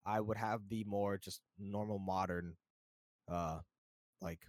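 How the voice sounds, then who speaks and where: A man's voice: fairly low pitch, takes it slowly, no room sound, clean studio sound. A young man from the United States chatting casually, rambling with lots of fillers. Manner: relaxed, rambling, many fillers. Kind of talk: casual chat.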